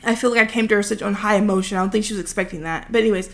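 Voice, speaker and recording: Racing along in a medium-pitched, slightly bright voice with fairly even intonation, a young woman vlogger in her twenties tells a long, rambling story that mocks herself. She builds as she talks, close to her desk microphone.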